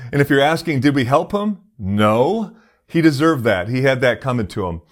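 A man's voice: mid-range voice, very animated, moderate pace. A man preaching a casual sermon as a pastor, talking conversationally with many fillers and restarts.

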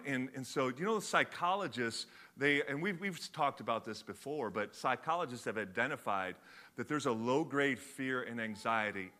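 A man's voice: medium pitch, bright, forceful tone. A man preaching a sermon as a pastor, talking conversationally with many fillers and restarts.

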